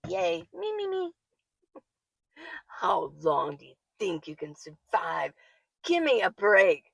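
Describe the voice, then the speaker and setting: A woman's voice: medium pitch, big pitch swings, unhurried, vocal fry, pauses often, fairly bright tone, slightly rough, no echo, low-quality recording. A woman, older, talking casually to camera and answering viewer comments, chatty and laughing often, sometimes getting worked up. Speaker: van-life vlogger. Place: living in her minivan.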